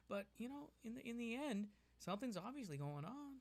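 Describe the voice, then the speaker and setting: A man's voice: fairly high pitch, sing-song, fast talker, hardly any pauses, fairly bright tone. A man co-hosting a podcast in casual chat, joking around and slipping into silly voices. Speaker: podcast co-host.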